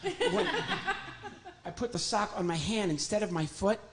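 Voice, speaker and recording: Performing from home to an online crowd, this ventriloquist comic works with a puppet, pokes fun at himself, and talks directly to viewers. His high, gravelly voice swoops wildly in pitch and runs a little slow. The poor recording carries a slight hiss or hum.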